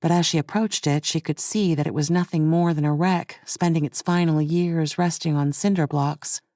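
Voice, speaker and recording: A woman narrating a thriller audiobook with a voice a little lower than most. She tells the story in a measured, even way. The recording is close and very dry. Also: no room sound. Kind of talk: scripted narration.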